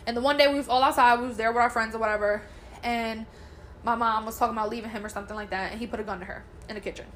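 Young woman, fairly high voice, blunt and profane, tells her own story in loose chat; faint hiss under the recording. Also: fairly even intonation, rapid-fire, fairly bright tone. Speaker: guest telling her story. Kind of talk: casual chat.

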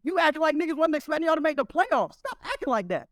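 A man in a heated casual sports argument, loud and profane, repeating himself insistently. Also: very high voice, very animated, quick pace, no echo, clean studio sound. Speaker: sports debater.

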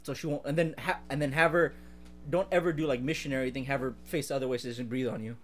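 A man's voice: mid-range voice, fairly even intonation, fast, a bit bright, a little hiss or hum. A man co-hosting a casual podcast, laughing often and mimicking people in quoted voices. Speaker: podcast co-host. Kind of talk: casual chat.

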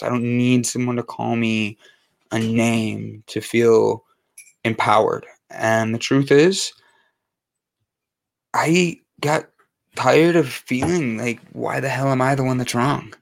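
A man's voice: medium pitch, steady tone, unhurried, vocal fry, no room sound. A man hosting his own show, talking candidly and emphatically about mental health, repeating phrases and swearing for force. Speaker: podcast host. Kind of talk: personal monologue on mental health.

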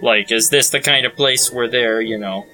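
A man's voice: mid-range voice, moderate pace, pushed and bright, soft background music, low-quality recording. A man playing a tabletop game, thinking aloud hesitantly about rules and his character. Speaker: player.

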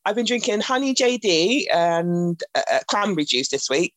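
A woman co-hosting a podcast in easygoing chat, laughing often and slowing down to make a point. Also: mid-range voice, very animated, no echo. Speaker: podcast co-host. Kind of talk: casual chat.

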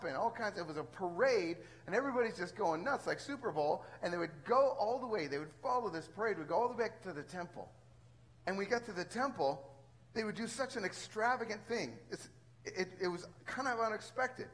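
A man preaching a sermon as a pastor, talking in a conversational, animated way with frequent restarts. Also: high-pitched, poor audio.

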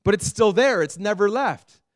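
A man preaching a sermon as pastor, earnest, dropping to a hush and rising to loud pleading. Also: high-pitched, expressive, moderate pace, no room sound, clean studio sound. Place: church.

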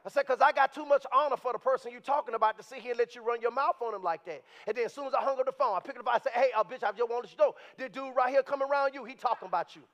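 High-voiced animated male preacher. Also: racing, hardly any pauses. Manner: animated, conversational, rising to shouts. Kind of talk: sermon. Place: church sanctuary. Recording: dull, lo-fi sound.

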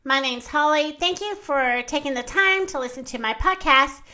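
Woman storyteller for kids: high, lively voice, gentle and slow reading. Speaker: children's storytime podcast host. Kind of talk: reading a picture book aloud.

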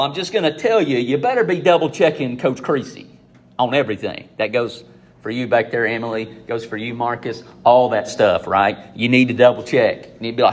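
Guy preaching to students, mid pitch, loud emphatic bits then hushed asides, laid-back sermon feel. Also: brisk. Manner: animated, conversational, swings between loud emphasis and hushed asides. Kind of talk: informal sermon.

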